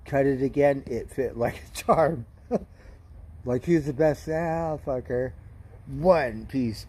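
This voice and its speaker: A man's voice: medium pitch, mellow, slight background noise. A man casually chatting with his stream viewers, telling rambling, profane stories. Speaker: livestream host.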